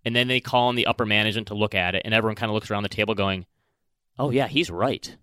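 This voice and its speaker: A man in casual podcast conversation, his voice sitting low but sounding bright and forceful. His tone is smooth and clear, close and dry with no room sound. He talks in a chatty, animated way, often putting on quick impressions. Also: no echo. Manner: animated, chatty, acts out quotes. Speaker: podcast co-host.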